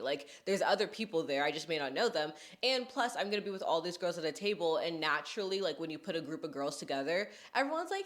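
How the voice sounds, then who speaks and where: A woman's voice: lowish voice, a bit bright. A young woman from Texas hosting a podcast in casual chat, talking in a chatty way full of "like" and "you know what I mean.". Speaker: podcast host.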